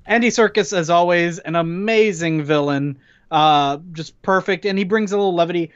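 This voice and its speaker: A man's voice: sits high, normal speed, a bit bright, clear, resonant tone. A man co-hosting a podcast, adding enthusiastic praise of the cast in casual chat. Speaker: podcast co-host. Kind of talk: casual movie review chat. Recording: slightly dull lo-fi mic.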